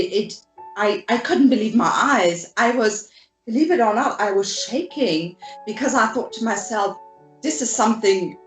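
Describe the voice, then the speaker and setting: A woman's voice: on the high side, reverberant, poor audio. A woman from Germany, a filmmaker guest in an interview, speaking earnestly and from the heart, often repeating words as she goes. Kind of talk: video interview.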